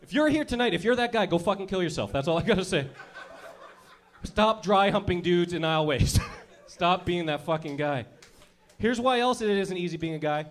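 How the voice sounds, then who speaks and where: A man's voice: sits high, animated, moderate pace. A man doing a crude, brash stand-up comedy routine, acting out little scenes as he goes. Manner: crude, brash, acts out characters.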